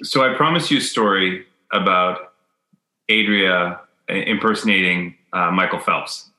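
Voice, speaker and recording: A man telling a story in casual chat, acting out quotes in a high voice. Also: a little slow, bright, forceful tone, reverberant, rough recording.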